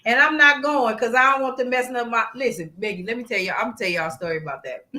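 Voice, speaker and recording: A woman co-hosting a casual talk show, telling a story in an animated way, laughing often and swearing freely. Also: a little high, fast talker, a little hiss or hum. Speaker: co-host.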